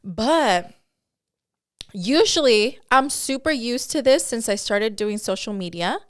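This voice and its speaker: Young woman cohost, kinda high voice, swears constantly, super animated casual chat. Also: slow pace. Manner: animated, swears a lot, laughs often. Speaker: podcast co-host.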